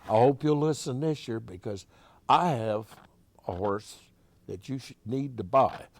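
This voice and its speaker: A man's voice: mid-range voice, lively intonation, unhurried, gravelly. An older man voicing a blunt, persuasive horse dealer in his own story. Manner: blunt sales talk.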